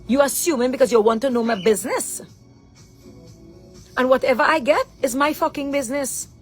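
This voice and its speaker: Speaking straight into the camera, a middle-aged woman with a high voice rants angrily as a mother scolding her daughter. She's confrontational and piles on rhetorical questions, often asking "huh?" Faint music plays underneath the rough recording.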